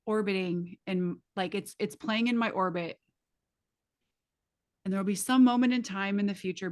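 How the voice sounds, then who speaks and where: A woman facilitator teaching a live class in a casual, emphatic way, swearing freely and speaking straight to her students through vivid images. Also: medium pitch.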